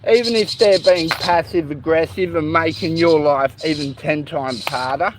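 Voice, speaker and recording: A man's voice: a little high, normal speed, noisy background. A man in his forties with an Australian accent, venting at home in a bitter, heavily profane rant. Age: 40s. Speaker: vlogger. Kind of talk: venting monologue. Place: at home with a pet lorikeet. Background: a squawking pet bird.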